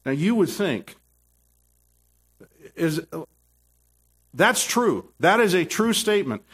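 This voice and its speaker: A man's voice: sits high, very animated, slow, a bit bright, breathy edge. A middle-aged man preaching a sermon with emphatic, repetitive phrasing and frequent restarts. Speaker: pastor.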